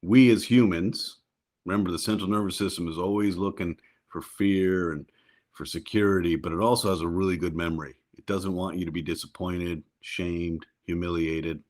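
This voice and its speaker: A middle-aged man chats casually as a podcast guest in an interview. He's animated, and his pitch leaps upward whenever he launches into a story.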